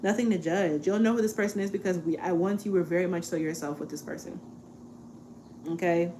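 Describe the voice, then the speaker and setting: A woman in her twenties giving a casual tarot reading, chatty and relaxed, often checking in with "okay?". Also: on the low side, fairly quick, noisy background. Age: 20s. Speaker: tarot reader.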